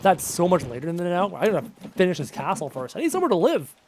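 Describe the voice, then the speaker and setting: Quick and very animated, a Canadian man talks casually during a live game stream in a high, slightly mellow voice. He responds to chat, repeating things emphatically, over a little hiss or hum.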